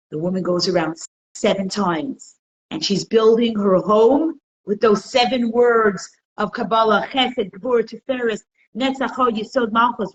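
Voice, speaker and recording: A woman's voice: mid-range voice, rough recording. A woman teaching an interactive religious class, telling stories and asking her listeners questions. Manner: animated storyteller, asks the class questions. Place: community centre classroom.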